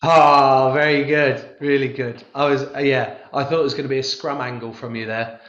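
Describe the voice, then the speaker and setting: A man's voice: mid-range voice, steady tone, moderate pace, a bit bright, reverberant, dull audio. A man answering press-conference questions in a rambling, self-deprecating, jokey way. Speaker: rugby player at a press conference.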